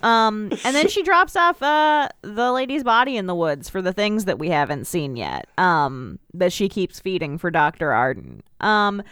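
A woman's voice: mid-range voice, normal speed, few pauses, smooth, no room sound, clean studio sound. A woman co-hosting a casual podcast, recapping a TV episode and acting out scenes in silly voices. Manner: animated, giggly, acts out scenes in silly voices. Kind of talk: casual chat.

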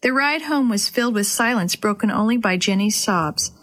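A woman hosting a children's story program, reading aloud gently and expressively. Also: on the high side, animated, moderate pace.

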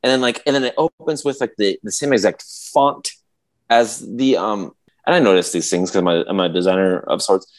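A man's voice: fairly low pitch, brisk. A man in casual podcast chat, rambling with many restarts as he tells a story, acting out quotes and sound effects. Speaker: podcast co-host.

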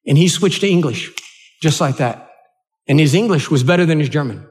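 An older man with an American accent, preaching a sermon and telling a personal story in an earnest, halting way, often restarting his words. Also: fairly high pitch, lively intonation, darkish tone. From United States. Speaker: pastor.

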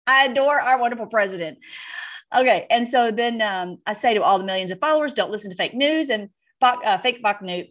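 A woman hosting her own online video, talking casually to viewers in a rambling, excitable way and laughing often. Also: medium pitch. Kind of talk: casual monologue to camera.

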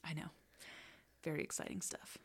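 A woman's voice: normal speed, in a whisper. A woman in a casual chat, telling stories animatedly, swearing freely and saying "like" and "dude" a lot.

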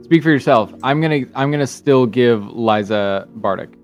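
A man chats as a tabletop player. His voice sits at a middle pitch, and he sounds lively and playful. Faint music runs behind. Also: normal speed. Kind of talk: casual tabletop play.

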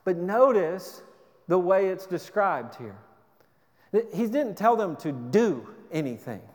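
A man's voice: high voice, big pitch swings, slow pace. A man pastor preaching a sermon in a church, earnest and exhorting, often restarting his sentences. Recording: long reverb of a hall.

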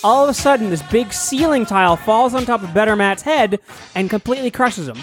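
A man's voice: high voice, animated, fairly quick, faint music behind. A young man co-hosting a casual podcast, rambling and swearing as he improvises silly stories. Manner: rambling, profane, jokey. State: hot and sweaty. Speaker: podcast co-host. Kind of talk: casual chat, improvised storytelling.

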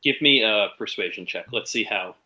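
A man's voice: on the low side, moderate pace, pushed and bright, rough recording. A man narrating as game master in a casual, hesitant way with many fillers.

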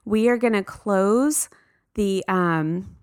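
A woman's voice: mid-range voice, slow pace, darkish tone, clear, resonant tone, no room sound, studio quality. A woman co-hosting a casual mom podcast, upbeat and leading the rundown with lots of "like" and "um.". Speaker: podcast co-host. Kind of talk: casual chat.

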